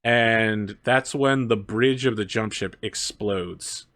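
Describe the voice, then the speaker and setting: A man running a tabletop game as game master, narrating the scene in a relaxed way with fillers and quick asides. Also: on the low side.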